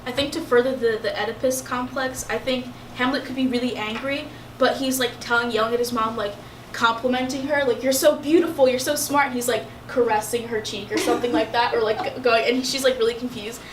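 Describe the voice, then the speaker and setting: A teenage female student pitching a scene idea, acting out quotes as she tells it. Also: a little fast, noisy background. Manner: animated storytelling with acted-out quotes. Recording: echoey classroom, distant mic.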